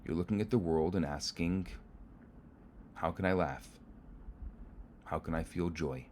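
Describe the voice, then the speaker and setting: A man giving a gentle, earnest holiday sermon as rabbi. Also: deep voice, a little slow, a little hiss or hum.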